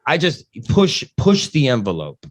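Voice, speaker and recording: A man's voice: a little high, wildly swooping pitch, unhurried. A man hosting a casual podcast chat, talking in loose, rambling runs with emphatic asides. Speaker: podcast host.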